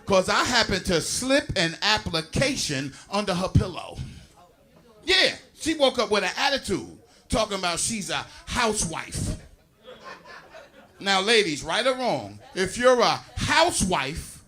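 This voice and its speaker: A stand-up comedian works a live crowd, his voice high for a man and bright. He talks in an animated, chatty way and keeps checking in with the audience. His pitch swoops all over as he sets up each joke. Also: a little slow. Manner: animated, crowd-working, frequent "you know what I'm saying". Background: audience laughter.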